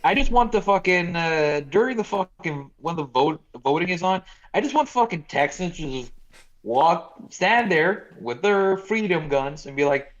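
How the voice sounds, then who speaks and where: A man's voice: on the high side, expressive, normal speed, dull audio. A man from Norway, talking crude and sarcastic in casual political banter, rambling with restarts.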